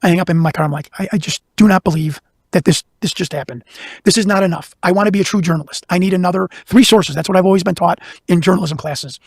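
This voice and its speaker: A man from Chicago, a guest investigator, telling a long story in casual conversation, talking quickly with lots of restarts. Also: high voice, husky, no room sound, clean studio sound. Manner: fast, animated, talks over himself with restarts.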